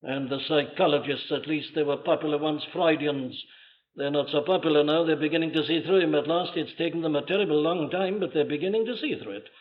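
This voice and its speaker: An older Welsh man preaches a sermon in a voice on the high side, speaking a little fast with emphatic rhetorical questions and dramatic swells. The recording is a dull, lo-fi archive capture.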